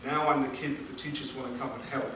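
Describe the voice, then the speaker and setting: A man, a motivational speaker telling an emotional personal story at a seminar, with dramatic pauses and questions to the audience. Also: medium pitch, fairly even intonation, bright, forceful tone. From England. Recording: echoey room, distant mic, background noise.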